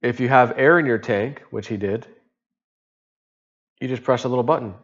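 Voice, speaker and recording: A man in a relaxed monologue, telling a story in a rambling way with loose chuckles and offhand swearing. His voice sits at a middle pitch. The recording sounds dull and lo-fi. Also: moderate pace, husky. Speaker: vlogger.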